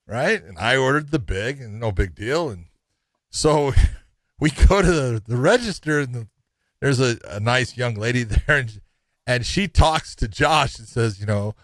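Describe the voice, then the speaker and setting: Guy cohosting a fight podcast, laughs a lot, middle pitch, dry mic. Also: unhurried, dry recording. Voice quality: animated storyteller, laughs often. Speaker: podcast co-host. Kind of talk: casual chat.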